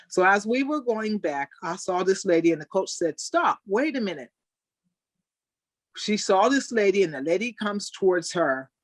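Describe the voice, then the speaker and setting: An older woman, a Special Olympics athlete, telling animated stories in a webinar interview over a video call. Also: lowish voice, no room sound. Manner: animated storyteller, acts out quoted people. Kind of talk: storytelling in an interview.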